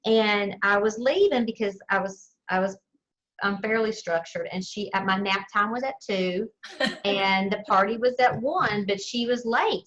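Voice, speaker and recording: A woman with a Southern US accent, a sales director telling her team her story in a chatty, expressive motivational talk. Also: medium pitch, dull audio. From southern United States. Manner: chatty and expressive, addresses listeners as y'all.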